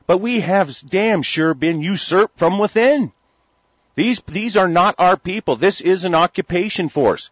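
A man's voice: high-pitched, lively intonation, a little slow, dry recording. A man from the United States in a heated, rambling talk-radio rant, stammering through restarts and swearing freely. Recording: dull lo-fi recording.

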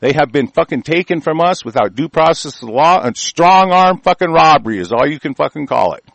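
A man's voice: fairly high pitch, lively intonation, a little fast, creaky, a bit bright, no echo, dull audio. Angry profane man ranting. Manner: angry, profane, rambling with restarts. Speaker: host reading and ranting on air.

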